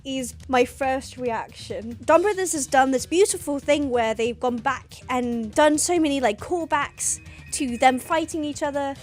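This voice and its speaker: A young woman hosting a casual reaction video, excitable, gasping, laughing and swearing as she talks. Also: high-pitched, unhurried, faint music behind. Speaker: host reacting to a TV show.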